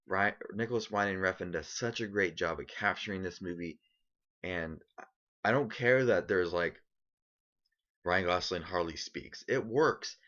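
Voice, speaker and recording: A man's voice: low voice, measured pace, pushed and bright, highs cut off. A young man ranking his favorite films in a casual vlog, enthusiastic and rambling with lots of ums. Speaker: movie vlogger. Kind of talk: casual movie countdown vlog.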